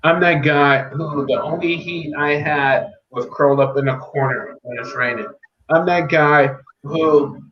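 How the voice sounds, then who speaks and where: Man, podcast guest, earnest faith testimony, repeats himself for weight; echoey, dull remote audio with faint hiss. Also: mid-range voice. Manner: earnest, faith-filled, repeats key phrases. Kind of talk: personal testimony.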